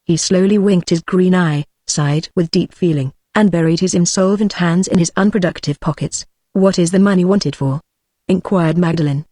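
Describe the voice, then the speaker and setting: A text-to-speech woman's voice with a British English accent, reading a classic novel aloud at a steady, measured pace without voicing the characters. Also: fairly low pitch, dry recording, clean studio sound. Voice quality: synthetic, evenly paced. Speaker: audiobook narrator.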